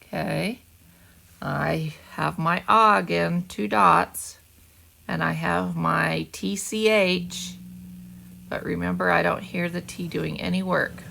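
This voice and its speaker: Woman teacher doing a slow patient phonics lesson for kids, lots of vocal fry, kinda low voice. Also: steady tone, bright, forceful tone. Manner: slow, patient, asks children to echo words. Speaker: second grade teacher. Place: at home, away from school.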